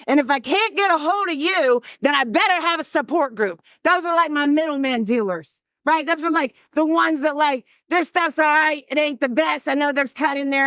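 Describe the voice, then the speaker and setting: A woman with a high voice gives a frank testimony to a recovery group. She tells it with humor and plays out the other people in the story. The sound is close and dry. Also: a bit bright, dry recording. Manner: candid, humorous storyteller who acts out voices. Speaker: speaker sharing her recovery story.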